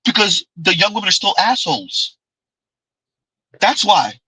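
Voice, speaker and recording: A man's voice: sits high, lively intonation, measured pace, sharp tone, breathy edge, no room sound, low-quality recording. A man hosting a commentary livestream, talking emphatically and repeating himself, sometimes calling himself by name in the third person. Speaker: livestream host.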